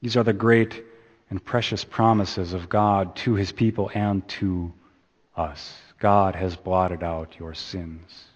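A man preaching a sermon, slow and deliberate, building emphasis and then easing off at the ends of phrases. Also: sits low, steady tone. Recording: dull sound in a reverberant hall.

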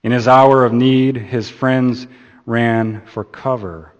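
A man preaching a sermon, slow and deliberate, building emphasis and then easing off at the ends of phrases. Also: mid-range voice, steady tone. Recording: dull sound in a reverberant hall.

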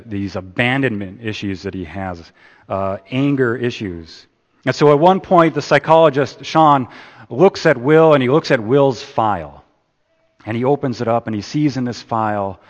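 A man preaching a sermon. He swings from loud emphasis down to hushed, repeated words. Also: mid-range voice. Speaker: pastor. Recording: long hall reverb.

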